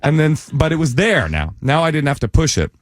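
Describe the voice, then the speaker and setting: A male comedian telling a long comic story as a guest in a radio studio, animated and jumping high whenever he acts out what people said. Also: a little fast, no room sound. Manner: animated, jumps up in pitch when acting out quoted voices.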